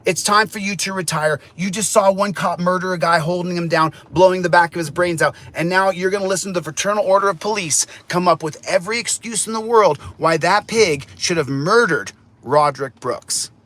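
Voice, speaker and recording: A man in a furious, preachy rant who hammers the same phrases again and again and swears freely. His voice sits high for a man. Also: fairly quick, a bit bright. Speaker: guest who checks in. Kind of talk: angry rant.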